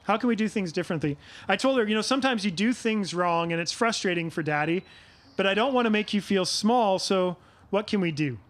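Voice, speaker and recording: A middle-aged male pastor delivers a sermon in a fairly high voice. He speaks earnestly and at a measured pace, pausing on key phrases and putting questions to his congregation. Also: fairly bright tone.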